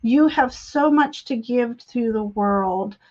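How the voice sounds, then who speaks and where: A woman's voice: fairly high pitch, slow. Woman reading tarot over dull stream audio. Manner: gentle, affirming, with many fillers. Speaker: tarot reader and live stream host. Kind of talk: intuitive card reading on a live stream.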